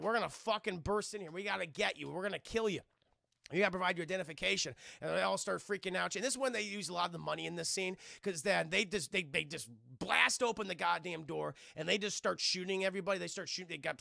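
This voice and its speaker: A man giving an animated, profane scene-by-scene film recap to his stream chat, acting out the characters' lines. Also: fairly high pitch, gravelly, dry recording, clean studio sound.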